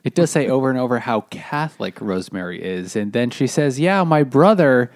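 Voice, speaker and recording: A man's voice: medium pitch, animated, a little fast, darkish tone. A man co-hosting a book podcast, summarizing the story in a casual tone with wry asides. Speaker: podcast co-host.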